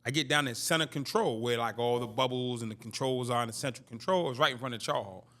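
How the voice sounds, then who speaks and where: A man's voice: medium pitch, fast. A man in his fifties telling a streetwise story in a casual interview, acting out the dialogue. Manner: animated, streetwise, acts out dialogue. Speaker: interview guest.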